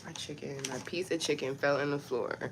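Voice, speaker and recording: A woman with a low voice chats casually with her livestream viewers, talking straight to them in a loose, frustrated way. Steady background noise and small clicks sit under her voice throughout the home recording. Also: a little fast. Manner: chatty and frustrated, addressing viewers directly. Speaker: livestream host. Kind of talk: casual live chat with viewers.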